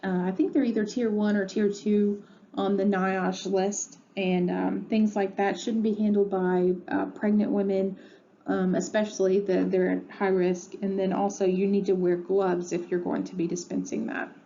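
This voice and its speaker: In dull lo-fi audio with a faint hiss, a woman delivers a pharmacy lecture from home. Her medium-pitched, dark voice is flat and moderately paced, and her conversational talk is full of ums and uhs.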